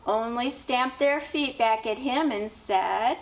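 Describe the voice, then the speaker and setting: A woman teacher reading a children's picture book aloud with expressive, drawn-out storytelling, asking questions of young listeners. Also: fairly high pitch, background noise. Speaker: teacher and education dean.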